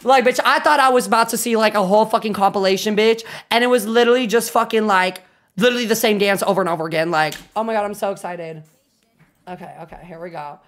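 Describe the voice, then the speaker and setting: A young adult woman streaming a reaction video, chatting casually, swearing constantly and bursting into loud laughter. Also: mid-range voice, fast. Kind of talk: casual livestream reaction chat.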